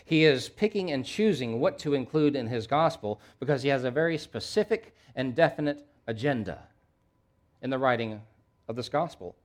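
A male pastor delivering a sermon from the pulpit. His voice sits at an ordinary middle pitch, dropping soft and low for asides, then rising loud and insistent when he puts questions to the congregation. He reads the scripture passages at a quick clip. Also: expressive. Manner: preaching with wide swings between soft low asides and loud emphatic questions; reads scripture aloud at a brisk pace.

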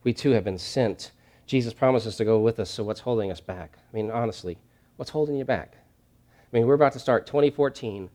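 Preaching from behind the podium of a church, this pastor has a lowish voice and talks a little fast. He hammers his main points through repetition, sinking to near-whispers before rising to full volume.

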